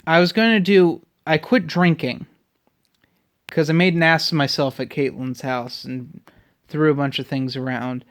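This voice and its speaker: A man's voice: fairly high pitch, steady tone, normal speed. Irritated young man ranting, cursing. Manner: profane, irritated griping. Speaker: vlogger. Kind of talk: casual ranting vlog.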